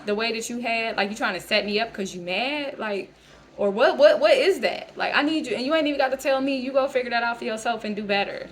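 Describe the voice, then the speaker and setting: A woman's voice: a little high, fairly bright tone, a little hiss or hum. A woman in her thirties ranting bluntly to camera in a vlog, heated and full of profanity. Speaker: vlogger. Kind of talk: casual rant to camera.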